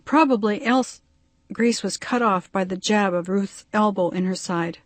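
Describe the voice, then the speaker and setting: A woman's voice: medium pitch, normal speed, no room sound. Woman reading a story, dry and close. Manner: even, steady storytelling. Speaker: audiobook reader. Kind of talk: scripted narration.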